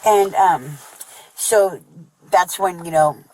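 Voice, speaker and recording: A woman answering a police officer's questions, halting often with fillers and restarts. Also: on the low side, darkish tone, rough recording. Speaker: witness being interviewed. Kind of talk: recorded police interview. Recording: bodycam audio with background noise.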